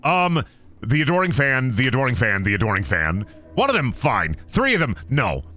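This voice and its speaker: A man streaming a game, talking in goofy, excitable, profanity-heavy commentary. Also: mid-range voice, normal speed. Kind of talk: casual gameplay commentary.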